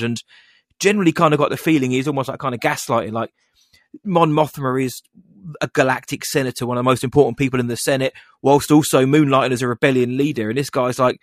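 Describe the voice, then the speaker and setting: A man's voice: medium pitch, quick pace, no echo, clean studio sound. A man, co-hosting a casual fan podcast and recapping scenes in a chatty way, mocking the characters in put-on voices. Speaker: podcast co-host.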